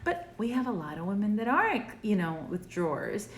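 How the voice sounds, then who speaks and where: A woman's voice: mid-range voice, very animated, fairly quick. A woman therapist giving a casual video lesson, explaining conversationally and often checking in with "right?". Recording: echoey room, faint background hum.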